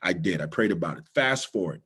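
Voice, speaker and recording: A man's voice: sits low, lively intonation, brisk, fairly bright tone, breathy edge. A middle-aged man from the Bahamas with a Bahamian accent, giving a motivational storytelling talk as guest speaker and repeating key lines for emphasis.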